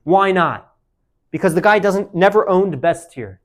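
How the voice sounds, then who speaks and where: A man teaching Talmud to a class, animated, calling on students by name and quizzing them. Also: high-pitched, unhurried.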